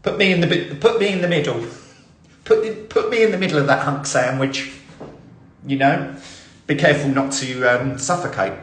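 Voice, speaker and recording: A man's voice: on the high side, normal speed, long pauses, roomy sound, lightly acted. A man playing a rambling, giggly old lady. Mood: flirty. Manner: rambling, muddling proverbs, giggly and coy. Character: lonely, deluded older woman smitten with post office staff. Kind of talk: improvised comic character monologue. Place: indoor room on a live stream.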